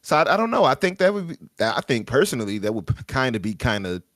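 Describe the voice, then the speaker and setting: A man's voice: mid-range voice, very animated, fast, fairly bright tone, dry recording, studio quality. A man with a Chicago accent, chatting on a gaming podcast and musing aloud about chat comments, hesitant and thoughtful.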